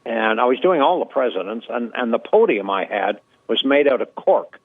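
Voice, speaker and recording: An older man from Canada spins relaxed anecdotes, full of ums and uhs, at an ordinary middle pitch. His voice comes through a dry, tinny, phone-like line. He speaks as a guest in an interview. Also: normal speed, vocal fry, no echo. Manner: anecdotal, relaxed storyteller with many fillers. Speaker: guest impressionist. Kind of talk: storytelling interview.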